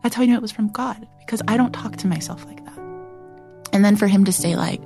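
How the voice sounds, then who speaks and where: A young woman earnestly sharing a personal faith testimony, reflective and full of filler words, sometimes dropping to a soft hush. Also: mid-range voice, fast talker, gravelly, faint music behind.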